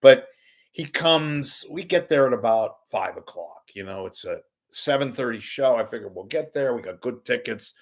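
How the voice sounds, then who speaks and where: Gravelly-voiced man telling a story. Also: mid-range voice, normal speed. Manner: animated, self-deprecating storyteller who acts out his own yelling. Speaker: podcast host. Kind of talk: casual storytelling monologue.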